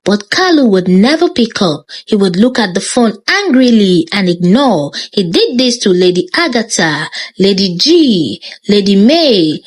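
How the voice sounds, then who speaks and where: A woman with a Nigerian accent giving scripted narration of a moral folktale, expressive and lilting. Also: mid-range voice, unhurried, few pauses, breathy edge. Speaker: storyteller.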